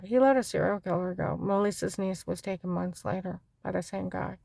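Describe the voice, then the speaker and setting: A woman's voice: mid-range voice, steady tone, a little fast, creaky, a little mellow, dry recording. A woman giving a rambling, fragmented personal testimony.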